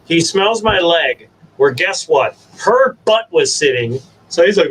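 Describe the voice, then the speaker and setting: A man hosting a casual stream and giving his dogs coaxing commands, jumping to high sing-song calls. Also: expressive, unhurried, fairly bright tone, husky. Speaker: stream host. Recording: distant from the mic. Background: dogs, faint room noise.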